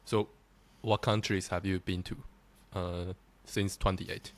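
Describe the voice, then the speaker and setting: Brief: male interviewer, very low voice, relaxed short reactions and simple questions. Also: slow. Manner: short reactions, easy questions, laughs along. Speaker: interviewer, channel host. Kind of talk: casual interview.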